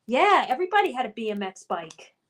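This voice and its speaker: A woman's voice: fairly high pitch, big pitch swings, a little fast. A woman hosting a casual livestream trivia game, chatting and reading viewer comments aloud before answering them. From United States. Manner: chatty, reads chat names then responds.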